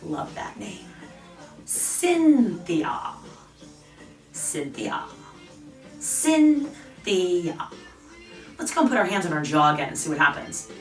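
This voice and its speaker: A woman's voice: low-pitched, animated, a bit bright, far from the mic. Woman guiding a face exercise class. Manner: encouraging, slow guiding cues. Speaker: fitness instructor. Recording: roomy, off-mic with faint music.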